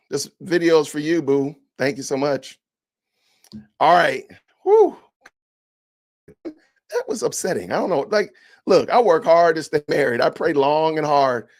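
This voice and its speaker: A man hosting a podcast livestream, reading comments aloud with animated, indignant, preachy ranting. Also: fairly high pitch. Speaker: podcast host.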